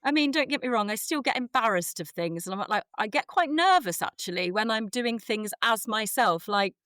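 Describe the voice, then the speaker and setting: A woman's voice: a little high, a little fast, dry recording, clean studio sound. A woman in her forties, a guest actress telling self-deprecating stories in casual chat with plenty of fillers. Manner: self-deprecating, animated storytelling with frequent fillers.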